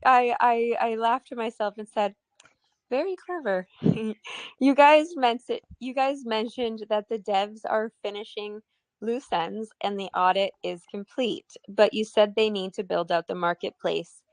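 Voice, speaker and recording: Woman co-host, clear and dry-sounding. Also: mid-range voice, fairly even intonation, moderate pace, no room sound. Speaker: co-host reading community questions. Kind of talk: casual livestream Q&A.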